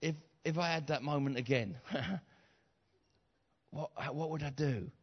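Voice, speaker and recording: A middle-aged man preaching a sermon, retelling a story with acted voices, repeated phrases and rising shouts. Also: fairly high pitch, measured pace. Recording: slightly dull lo-fi sound.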